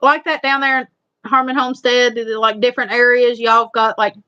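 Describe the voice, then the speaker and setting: A woman's voice: on the high side, little pitch movement, a little fast, highs cut off. Chatty Eastern Kentucky Appalachian woman. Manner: rambling, repetitive, chatty. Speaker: livestream host. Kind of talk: casual live chat.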